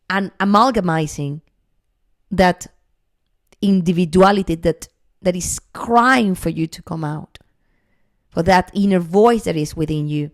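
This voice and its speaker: A woman guest on a podcast interview, talking in an earnest, encouraging way, often pausing with "um" as she thinks. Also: on the low side. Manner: earnest and encouraging, with frequent "um" pauses.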